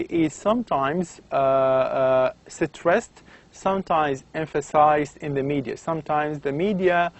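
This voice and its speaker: A man whose first language is Arabic lectures on language and society. His delivery is halting, full of "uh" fillers and restarted phrases. His voice sits a little higher than most men's. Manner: hesitant, many fillers and restarts. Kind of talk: university lecture.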